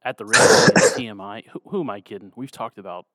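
A man's voice: lowish voice, lively intonation, quick pace, crowd noise. Laid-back man hosting a podcast. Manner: laid-back, says "dude" and "like" a lot. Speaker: podcast host. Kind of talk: casual chat.

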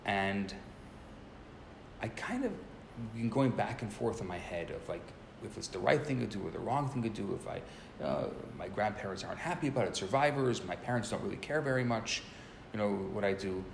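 Animated man telling a story, roomy sound. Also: lowish voice, moderate pace, creaky, slight background noise. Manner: animated, repeats words when starting sentences. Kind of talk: casual teaching and storytelling.

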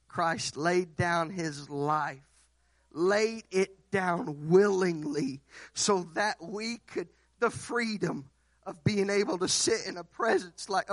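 High-voiced impassioned male preacher. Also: no room sound. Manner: impassioned, repetitive cadences building to shouts. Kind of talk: sermon.

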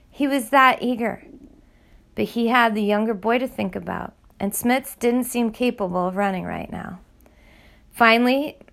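Woman, audiobook narrator, middle pitch, gravelly fry, measured reading. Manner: steady, measured storytelling. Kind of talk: scripted narration.

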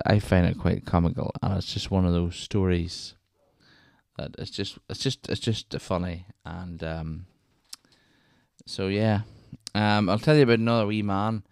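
A Northern Irish man hosts his own podcast in a low, slightly mellow, smooth voice, recorded cleanly in a studio with no echo. He tells stories solo in a casual, chatty, rambling way, doubling back and interrupting himself with wee asides.

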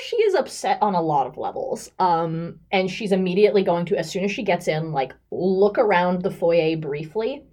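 Gal with a lowish voice playing a tabletop rpg, lots of ums and restarts. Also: female voice, mellow. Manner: halting, many fillers and restarts. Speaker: player. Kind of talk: playing a tabletop role-playing game.

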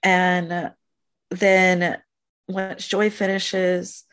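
A woman co-hosting a podcast, recapping a TV episode in casual chat, animated and gushing, laughing often. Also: lowish voice, drawn-out words, clean tone. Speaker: podcast co-host.

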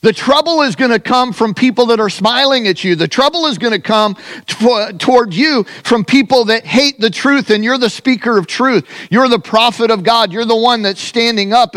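High-voiced animated preaching man. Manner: animated preaching, swings between loud highs and hushed lows; conversational asides with restarts. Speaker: pastor. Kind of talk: sermon.

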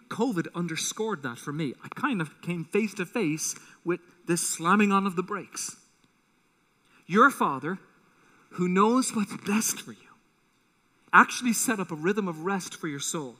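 A man preaching a sermon as pastor, animated and acting out quotes with a rising voice, in a church auditorium. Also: high-pitched. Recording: long hall reverb.

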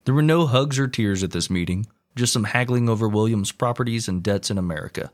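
A man's voice: fairly low pitch, a little fast. A man hosting a comedic history podcast, narrating the story with wry, profane asides.

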